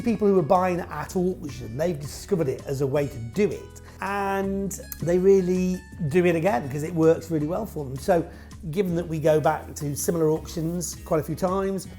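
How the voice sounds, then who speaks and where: A man's voice: on the high side, warm tone. A man chatting casually to camera, answering viewer questions in a rambling, jokey way that keeps breaking off mid-sentence. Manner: rambling, jokey, self-interrupting.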